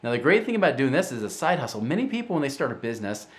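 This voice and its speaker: Speaking very fast at a medium pitch, a middle-aged man hosts a finance show and chats casually to camera. He brings his stories to life by acting out the quoted voices of the people in them.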